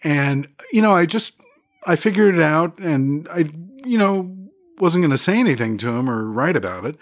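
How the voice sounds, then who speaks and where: Animated man telling stories. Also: fairly high pitch, moderate pace. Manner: animated, laughs often, acts out quotes. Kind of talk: conversational storytelling.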